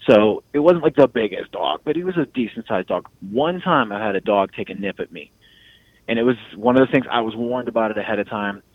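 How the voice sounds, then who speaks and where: A man casually telling a long, profane story with animated laughter, as a podcast host. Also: lowish voice, fairly quick, no room sound. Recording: tinny phone-like sound, dry.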